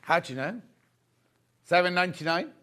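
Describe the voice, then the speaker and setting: A middle-aged man hosting a live fabric sales show, chatting excitedly and teasing the crew. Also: high voice, moderate pace. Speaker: shopping show host.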